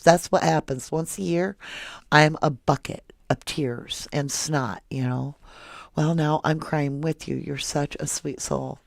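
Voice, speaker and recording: A woman's voice: low voice, measured pace, vocal fry, no room sound, clean studio sound. A woman hosting a live true crime stream, chatting casually and emotionally with viewers and reading their comments aloud. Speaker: true crime livestream host. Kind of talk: casual livestream chat with viewers.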